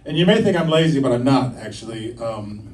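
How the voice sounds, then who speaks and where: A middle-aged man from the United States doing stand-up, telling self-mocking stories and acting out quick voices. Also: medium pitch, animated, a little mellow, a little hiss or hum. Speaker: stand-up comedian. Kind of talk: live stand-up comedy. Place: stage at a campus comedy show. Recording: distant live stage recording with audience laughter. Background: audience laughing.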